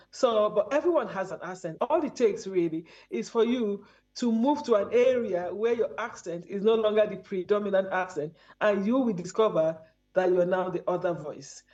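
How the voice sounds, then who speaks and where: A woman's voice: medium pitch, darkish tone. A woman from Nigeria with a Nigerian accent, a guest in a remote interview, speaking earnestly and measuredly with frequent ums. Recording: dull lo-fi audio.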